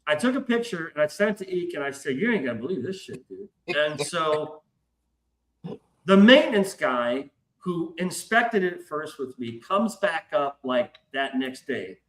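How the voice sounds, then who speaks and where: A man's voice: fairly high pitch, very animated, unhurried. A man hosting a podcast who tells a story in a casual, profane way and acts out the voices in his quotes. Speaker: podcast host. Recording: roomy echo.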